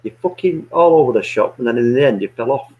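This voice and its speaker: Brief: football fan, loud teasing banter, swears a lot, laughs often. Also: male voice, mid-range voice, expressive, fast talker, narrow, tinny audio. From England. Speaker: co-host of a football watch-along. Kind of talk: casual chat.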